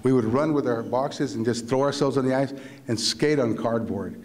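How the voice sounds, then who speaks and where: A man from New Mexico whose first language is Spanish, a visiting writer telling a personal story to a live audience in an animated, humorous way, acting out the voices he quotes. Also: medium pitch, moderate pace. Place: university lecture hall. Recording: echoey hall.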